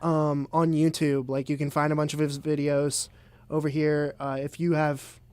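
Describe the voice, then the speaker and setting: Young co-host, man, quick interjections, a bit high-pitched. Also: flat delivery, darkish tone, clear, resonant tone, no echo. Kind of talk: casual podcast chat.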